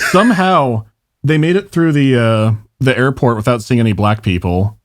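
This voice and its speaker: A man in casual podcast chat, telling stories in an animated way, laughing and swearing as he acts out what people said. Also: mid-range voice, measured pace, no echo, clean studio sound. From Charlotte, North Carolina, US.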